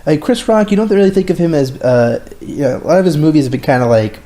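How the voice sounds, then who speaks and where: A man's voice: on the high side, lively intonation, fast talker, mellow. A man co-hosting a casual movie podcast over an internet call, rambling with lots of fillers and restarts. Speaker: podcast co-host. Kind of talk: casual chat about movies.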